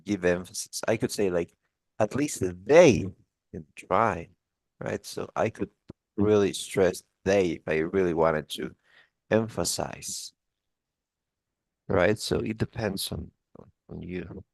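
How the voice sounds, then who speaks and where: Deep creaky-voiced male tutor. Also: steady tone, a little slow, long pauses, dry recording. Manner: patient, explains with many restarts and "like". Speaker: English test tutor. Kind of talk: one-on-one lesson review.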